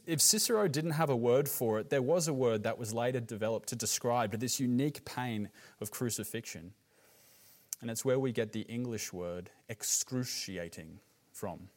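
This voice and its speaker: Earnest Australian pastor preaching. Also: male voice. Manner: earnest, emphatic, drops low on grave words. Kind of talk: sermon.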